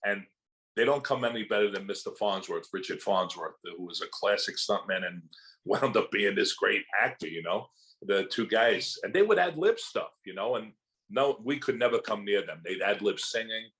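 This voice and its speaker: An older man tells stories as an interview guest, his voice sitting a little low. He talks in a loose, animated way and slips into quick impressions of the people in his tales. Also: low-quality recording. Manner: animated anecdotes, acting out quotes from others. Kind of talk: storytelling in a casual interview.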